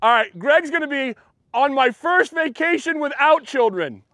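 A pastor with a very high voice gives a relaxed, joking sermon and chats with his congregation. The sound is dry and close, with no room echo. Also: normal speed. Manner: chatty, joking, talks to the congregation. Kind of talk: casual sermon. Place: church.

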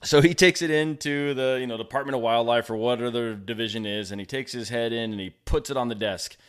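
A man's voice: medium pitch, brisk, smooth. A man hosting a podcast, telling a story and chatting easily. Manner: easygoing, chuckling, affirming. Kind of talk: casual chat.

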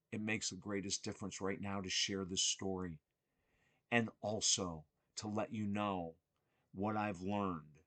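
A man hosting a podcast, telling a personal story earnestly and emphatically, swinging between excited and hushed. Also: lowish voice, dry recording. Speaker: podcast host.

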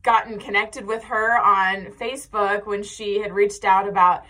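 A woman's voice: mid-range voice, level tone, a little slow, sharp tone. An American woman in her thirties hosting a podcast in casual, chatty talk and laughing often. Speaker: podcast host. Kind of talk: casual chat.

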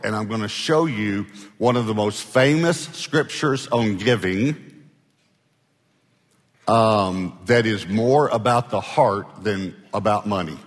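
A male pastor preaching a sermon in a conversational way, prompting the congregation to answer him. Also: fairly low pitch. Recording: long hall reverb.

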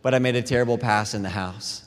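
A middle-aged man preaching a sermon as a pastor, telling animated, self-deprecating stories between scripture readings. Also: medium pitch, quick pace. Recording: long reverb in a large hall with faint music.

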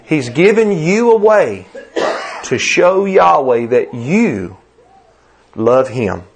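A man's voice: on the high side, sing-song, takes it slowly, gravelly, husky. Emphatic older Southern preacher man. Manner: emphatic, repetitive preaching cadence with rising stresses. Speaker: pastor. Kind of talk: sermon.

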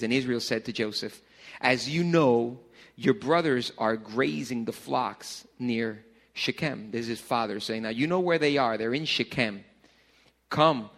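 In a church hall, a middle-aged pastor preaches an informal sermon to young people, his voice medium in pitch. He cracks jokes and alternates between hushed lines and loud outbursts.

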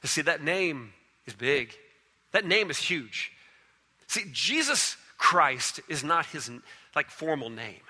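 Animated male preacher, bright sharp voice. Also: fairly high pitch, slow, slightly rough, big-room sound. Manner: animated storytelling, acting out characters. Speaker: pastor. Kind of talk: sermon.

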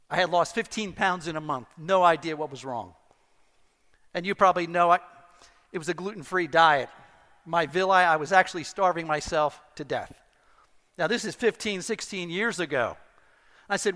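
A middle-aged male pastor preaching a sermon, telling a personal story with animated, self-deprecating humor. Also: high-pitched, fairly quick. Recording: long hall reverb.

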